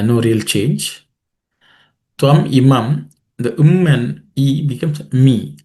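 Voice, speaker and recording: A man leading a scripture study class, explaining the meaning and pronunciation of verses in a measured way with many fillers. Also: mid-range voice, gravelly, a little mellow. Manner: chants Sanskrit verses quickly.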